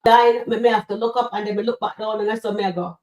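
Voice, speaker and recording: A woman's voice: medium pitch, flat delivery, fast, darkish tone, distant mic. A woman hosting a live stream, chatting casually with her viewers as she reviews comedy skits. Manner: chatty, addresses chat as guys, frequent fillers. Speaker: livestream show host reviewing comedy skits. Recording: roomy echo, voice set back from mic.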